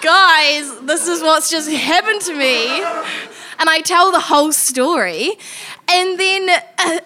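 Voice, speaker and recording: A woman's voice: extremely high pitch, noisy background. A woman telling a funny story on stage at a live event, acting out the lines of the people in it. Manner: animated, acts out her own and others' lines.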